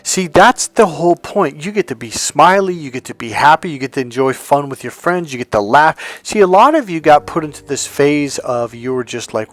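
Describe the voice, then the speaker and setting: A man's voice: fairly high pitch, lively intonation, fairly quick, few pauses, fairly bright tone. A man giving an intense, blunt and profane motivational talk as a relationship coach. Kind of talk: motivational vlog monologue.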